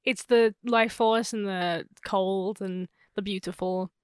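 A woman's voice: medium pitch, fairly even intonation, slow, clean tone, no echo, clean studio sound. A woman co-hosting a podcast in casual chat, playful, with jokey interjections. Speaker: podcast co-host.

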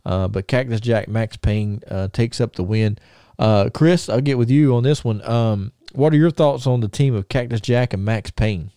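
A man's voice: medium pitch, moderate pace, warm tone, dry recording, studio quality. A man co-hosting a wrestling podcast in casual chat, rambling through stories with restarts and chuckles. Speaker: podcast co-host.

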